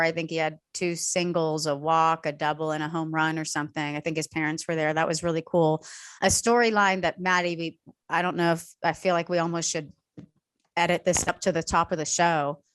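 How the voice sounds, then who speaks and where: A woman hosting a casual sports talk show, relaxed and conversational with easy fillers. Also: lowish voice, a little fast, clean tone, dry recording, studio quality. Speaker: host. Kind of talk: casual chat.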